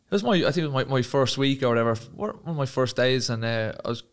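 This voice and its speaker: An Irish man in his thirties, a guest telling casual stories with halting repeats and frequent laughs. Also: mid-range voice, expressive, clean tone. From Ireland. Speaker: guest footballer. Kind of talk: casual storytelling.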